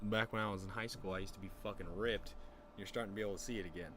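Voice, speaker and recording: A young man casually chatting on a stream, telling a story in a rambling, profane way and breaking into lively voices when he quotes people. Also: lowish voice, racing, a little hiss or hum. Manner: rambling, profane, animated quoting.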